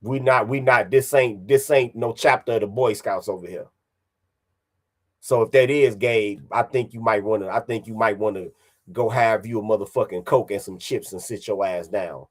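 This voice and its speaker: A man's voice: on the low side, normal speed. A man streaming online, ranting casually in a profane, confrontational way and repeating his points.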